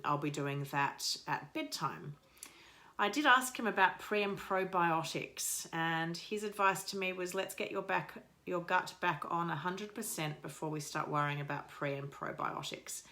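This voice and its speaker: Low-pitched woman in her thirties, from Australia, upbeat vlog chat to camera. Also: pushed and bright. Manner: chatty and upbeat, addresses viewers directly. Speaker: vlogger. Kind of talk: casual video diary.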